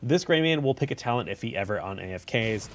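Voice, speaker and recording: A man talking through game replays in a loose, chatty way at a middle pitch. He trips over his words and restarts often, and he jumps into excited yelps when a play goes wrong. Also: fast, a little hiss or hum. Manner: chatty, self-correcting, bursts into excited shouts at big plays. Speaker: host commenting on viewer-submitted game replays. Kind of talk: casual game replay commentary.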